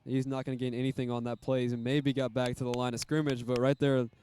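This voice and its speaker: A man calling a high school football game, casual and rambling, with many fillers. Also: little pitch movement, quick pace, warm tone, slight background noise. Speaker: play-by-play commentator.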